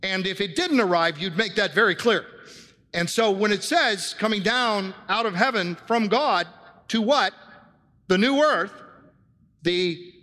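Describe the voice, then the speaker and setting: High bright-voiced man preaching. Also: a little slow, in a large hall. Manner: earnest teaching tone, rhetorical questions to the congregation. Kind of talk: sermon. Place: church with handouts for listeners.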